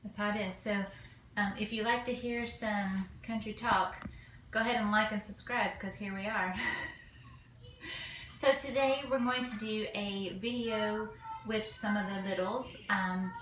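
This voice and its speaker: A woman's voice: mid-range voice, steady tone, unhurried, fairly bright tone. Southern US woman, thirties, homeschooling mom vlogging casually, folksy and chatty, roomy home sound with faint hum. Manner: chatty, folksy, frequent ums and uhs. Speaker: vlogger, homeschooling mother of five. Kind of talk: casual chat to camera. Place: home, indoors.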